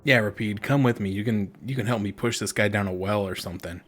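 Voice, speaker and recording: A young man streaming a game, giving casual, rambling commentary with dark jokes. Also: on the low side, fast, soft background music. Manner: joking, rambling, dark humor.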